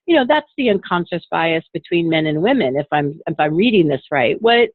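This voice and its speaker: A woman's voice: lowish voice, animated, a little fast, no echo. A woman hosting a webinar, friendly and agreeable as she reads out attendee questions. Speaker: webinar host. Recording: tinny phone-like call audio, dry.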